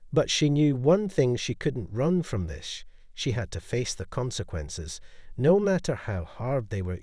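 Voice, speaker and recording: A man narrating a scripted dramatic story in an even, storytelling manner. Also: mid-range voice, no echo, clean studio sound.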